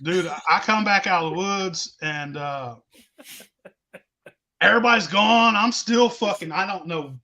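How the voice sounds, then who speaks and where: A man's voice: sits high, unhurried, bright, forceful tone. A man telling a rowdy, profane drinking story in casual chat. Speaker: show host telling a story.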